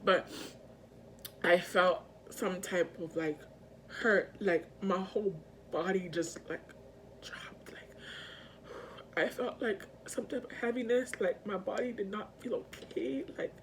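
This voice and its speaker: A woman vlogger speaks straight to her camera, her talk rambling and halting with constant fillers and restarts. She sounds earnest and emotional, at an ordinary middle pitch. A faint noise sits under her voice. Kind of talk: personal video update to viewers. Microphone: self-filmed camera mic.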